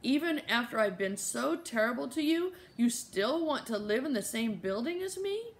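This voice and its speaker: Casting: woman narrator doing a timid old man, faint and halting, audiobook. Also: fairly high pitch, big pitch swings. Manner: very soft, hesitant, faint. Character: quiet, shy older man, landlord.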